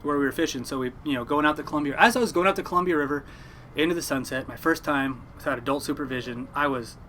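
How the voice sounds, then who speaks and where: Young man, boat captain, casual rambling story, fairly high voice, quick pace. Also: a little hiss or hum. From Oregon, United States. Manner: rambling, animated, acts out quotes. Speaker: fishing boat captain, podcast guest.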